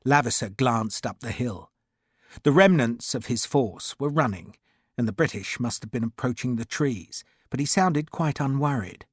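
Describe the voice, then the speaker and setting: A male audiobook narrator delivering dramatic historical fiction, his voice climbing and falling with lively movement. The recording is dry and close, with no room sound at all. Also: medium pitch, moderate pace, breathy edge, dry recording. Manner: vivid, dramatic storytelling. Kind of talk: scripted narration.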